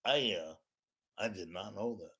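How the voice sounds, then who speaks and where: A man voicing a middle-aged male late-night TV host who speaks softly and stammers. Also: lowish voice, expressive, creaky, husky, full character voice. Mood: bemused. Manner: soft, halting, stammering.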